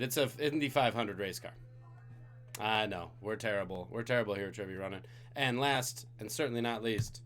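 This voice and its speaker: A man's voice: lowish voice, lively intonation, a little fast, fairly bright tone. A tired man hosting a live-streamed trivia game, reading out questions and joking with the chat between them. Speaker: trivia host.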